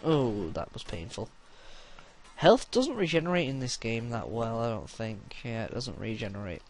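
Young male gameplay commentator, crude and loud, shouts battle cries. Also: mid-range voice, big pitch swings, normal speed.

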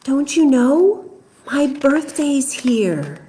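A woman's voice: high-pitched, sing-song, drawn-out words, warm tone, voice pushed up, full character voice. A woman doing a silly boastful monkey. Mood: insistent. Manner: singsong and proud.

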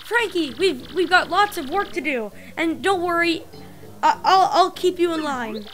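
A woman's voice: extremely high pitch, expressive, a little slow, a bit bright, faint music behind, pitched above the performer's own voice, full character voice. Woman voicing a bossy mob daughter. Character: young female mob boss's daughter, bossy.

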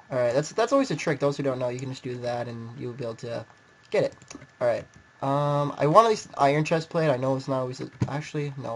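A young man giving casual, rambling gameplay commentary, poking fun at himself and getting excited. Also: medium pitch, a little hiss or hum. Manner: rambling, self-mocking, excitable. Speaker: gaming video creator.

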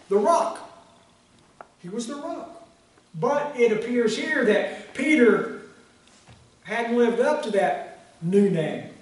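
A man preaching a sermon and reading scripture aloud as pastor, in a slow, measured way with pauses. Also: high voice. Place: church sanctuary. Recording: echoey sanctuary, mic set far off.

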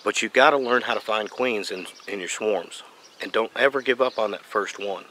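A man giving a folksy, animated how-to explanation as a beekeeping vlogger, outdoors. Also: lowish voice, moderate pace, a little hiss or hum. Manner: folksy, animated, playful asides. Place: outdoors by a tree and truck.

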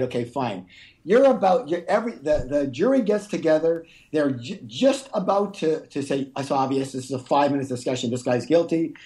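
A middle-aged man with a mellow, darker tone than his slightly raised pitch would suggest. He talks emphatically, like a teacher, and often turns to tell listeners to pay attention. The setting is a podcast interview. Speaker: guest author.

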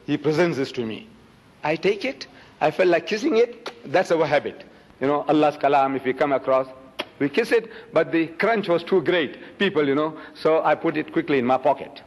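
A man's voice: fairly high pitch, moderate pace. An older man from South Africa giving an emphatic public lecture, asking rhetorical questions and holding up items to show the audience. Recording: reverberant lecture hall.

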